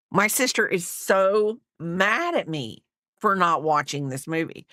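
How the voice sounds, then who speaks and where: A woman's voice: lowish voice, expressive, unhurried, sharp tone, no room sound, clean studio sound. A middle-aged woman chatting casually while she crochets, rambling with lots of fillers and asides. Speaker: crochet vlogger.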